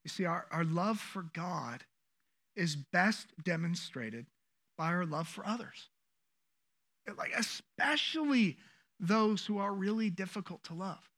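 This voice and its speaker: A man preaching a sermon as pastor, animated and joking with the congregation. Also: sits high, unhurried. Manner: animated, acts out quoted voices, jokes with the congregation.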